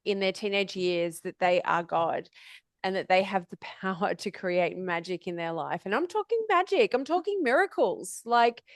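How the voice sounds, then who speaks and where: Woman podcast host, enthusiastic and laughing, mid-pitched, dry close sound. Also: lively intonation, normal speed, no echo. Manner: enthusiastic, laughs often, spiritual talk. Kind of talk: casual podcast interview.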